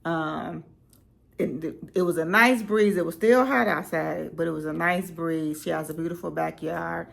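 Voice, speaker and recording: A young woman vlogging from home on a slow morning, chatting casually with relaxed, slangy asides. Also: sits low, creaky. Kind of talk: casual chat.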